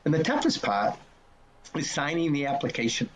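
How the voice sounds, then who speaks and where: A man's voice: on the high side, animated, normal speed, a crowd in the background. A man in his sixties, a race director, telling folksy, earnest stories and acting out old conversations. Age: 60s. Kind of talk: storytelling interview.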